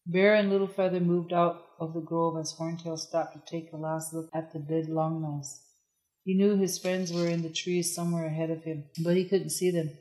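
Audiobook narrator, flat steady voice, middle pitch, measured reading. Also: rough recording. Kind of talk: scripted narration of a historical novel.

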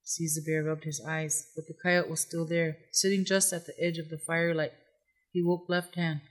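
Calm, measured storyteller. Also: medium pitch. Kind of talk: scripted story narration.

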